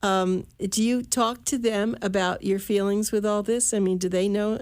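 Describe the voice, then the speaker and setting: A woman hosts the conversation, asking questions in a halting way padded with fillers. Her medium-pitched voice sounds close and dry, with no room around it. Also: fairly even intonation, a little mellow, smooth, no echo. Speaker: host. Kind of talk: interviewing a guest.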